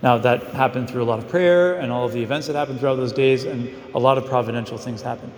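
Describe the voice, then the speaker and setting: A man's voice: medium pitch, quick pace, darkish tone, a little hiss or hum. A male priest giving a casual, story-driven homily, full of fillers as he talks to the congregation. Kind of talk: conversational mission homily. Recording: echoey hall with long reverb.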